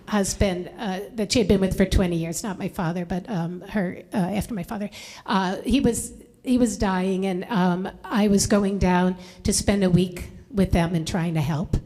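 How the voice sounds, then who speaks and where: A woman's voice: mid-range voice, a little slow, darkish tone. A woman in her fifties telling a personal story to a live library audience, chatty and full of fillers and restarts. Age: 50s. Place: library event before an audience.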